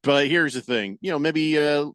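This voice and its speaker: A man's voice: fairly high pitch, moderate pace, smooth, no room sound. A man hosting a sports radio show, chatting casually, reading listener texts and ranting in exasperation. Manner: animated, exasperated rants with mock-quoted voices.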